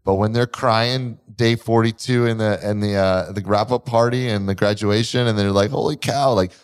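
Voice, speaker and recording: A man's voice: on the low side, normal speed, clean tone. A man co-hosting a casual podcast, a fitness coach telling stories energetically and acting out quotes. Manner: energetic, animated storytelling with acted-out quotes. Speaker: fitness gym owner and podcast co-host.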